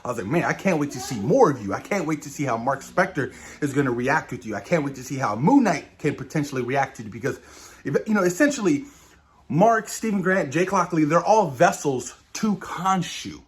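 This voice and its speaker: A man with a fairly high voice talks through a TV episode in a loose, excited spoiler review. He gushes, swears casually and keeps addressing his viewers, and his voice sinks low and quiet as his phrases trail off. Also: fairly quick. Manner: enthusiastic, keeps saying "you guys", swears casually. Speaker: show reviewer.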